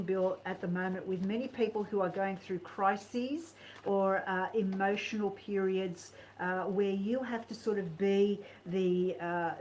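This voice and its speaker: A woman reading tarot on a live stream, speaking in an earnest, encouraging and animated way. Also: mid-range voice, a little hiss or hum, rough recording.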